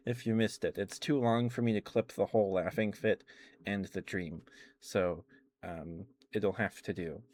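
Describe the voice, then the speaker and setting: A man's voice: lowish voice, steady tone, unhurried, darkish tone, no room sound. A man telling a long dream story on an ASMR stream, rambling, laughing often and greeting his chat on a close mic. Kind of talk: soft-spoken chatty storytelling stream.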